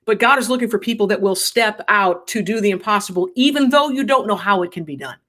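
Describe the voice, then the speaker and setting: A woman's voice: mid-range voice, animated, fast talker, a bit bright. A woman guest from Ohio telling a dramatic story in an interview, acting out the quoted dialogue with energy. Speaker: guest, pro-life activist.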